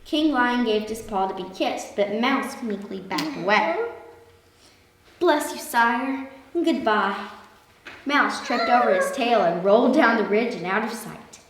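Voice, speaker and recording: A woman hosting a children's story read-aloud with an expressive, animated delivery, recorded from a distance in an echoey room. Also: on the high side, moderate pace, few pauses, slight background noise. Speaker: storybook reader, host.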